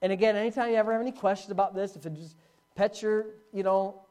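A man preaching a sermon as pastor, telling a story with swings from loud to hushed. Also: high voice, fast talker, clear, resonant tone.

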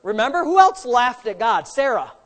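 A woman's voice: fairly high pitch, very animated, moderate pace. A woman preaching a sermon, asking rhetorical questions and adding playful asides.

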